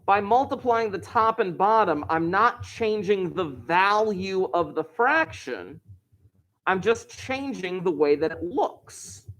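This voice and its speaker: A man's voice: high voice, lively intonation, takes it slowly, a bit bright. A man teaching an online algebra class, explaining steps while joking and chatting with his students. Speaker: math teacher. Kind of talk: live online class lesson.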